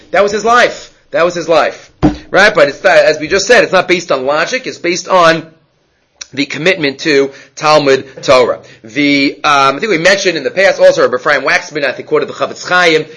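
A man giving a Talmud class, animated, mixing in Hebrew and Aramaic terms and restarting his sentences. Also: fairly high pitch, breathy edge, rough recording. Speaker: Talmud teacher.

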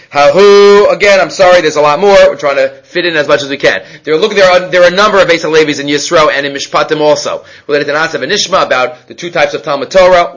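A man giving a Talmud class, animated, mixing in Hebrew and Aramaic terms and restarting his sentences. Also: high voice, low-quality recording. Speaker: Talmud teacher.

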